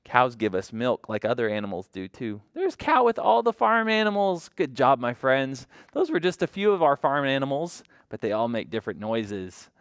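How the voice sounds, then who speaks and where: A man leading a toddler story time at a library, reading a picture book aloud and doing animal sounds in a sing-song manner that drops to hushed tones and leaps to bright exclamations. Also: mid-range voice, lively intonation, normal speed, hardly any pauses, clear, resonant tone, dry recording, studio quality. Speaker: children's librarian.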